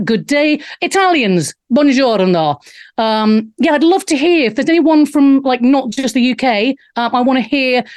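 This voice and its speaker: A woman's voice: on the high side, a little mellow. A middle-aged woman hosting a live show, cheekily reading out chat comments. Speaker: show host. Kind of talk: casual live-stream chat.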